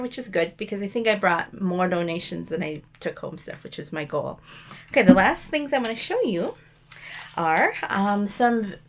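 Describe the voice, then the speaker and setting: A woman's voice: mid-range voice, creaky, slight background noise. A woman chatting casually as she shows mail and thrift finds, rambling with frequent ums and restarts. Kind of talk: casual show-and-tell chat.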